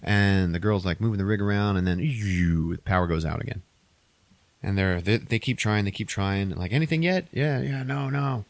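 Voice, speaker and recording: A man hosting a podcast, recapping a movie in casual chat, swearing often and acting out quotes in an animated way. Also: low-pitched, normal speed, no room sound. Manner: profane, animated retelling with put-on quotes. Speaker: podcast host.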